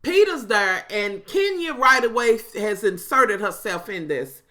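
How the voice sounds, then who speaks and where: A woman, recapping a reality show in a sassy, profane, animated monologue to her viewers. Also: mid-range voice, a little slow. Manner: breaks into mocking impressions of others.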